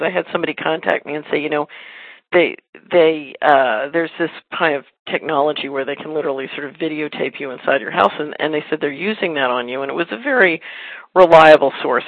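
A woman hosting a casual talk show who tells rambling stories in quick bursts and laughs easily. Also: deep voice, creaky, dry recording. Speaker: podcast host. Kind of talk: casual conversation. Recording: phone-line audio, dry.

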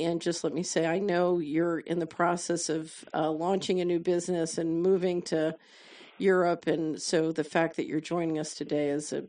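A woman's voice: deep voice, darkish tone. Earnest woman hosting an interview. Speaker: host. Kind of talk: interview host introduction.

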